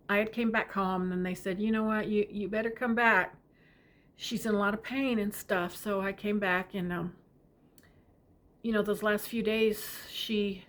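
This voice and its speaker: A middle-aged woman telling a personal family story, tender and unhurried, often sinking to a whisper. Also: mid-range voice, fairly bright tone.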